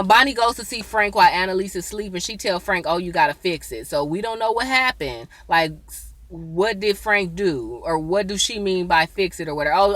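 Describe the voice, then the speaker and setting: Woman doing a casual tv recap, gets loud and excited, bit low voice. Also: no room sound. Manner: chatty, excitable, lots of "y'all" and "boom". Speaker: TV episode reviewer.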